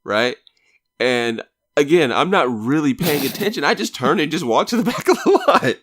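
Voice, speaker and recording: A man's voice: a little high, lively intonation, normal speed, fairly bright tone, dry recording, studio quality. A man co-hosting a podcast, telling a story about himself in a wry, self-mocking way with casual swearing. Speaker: podcast co-host.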